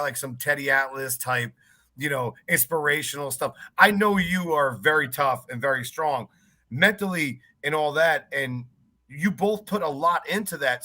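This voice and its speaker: Bright-voiced enthusiastic male host. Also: a little high. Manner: enthusiastic, filler-heavy questions. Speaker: podcast host. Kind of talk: casual interview chat.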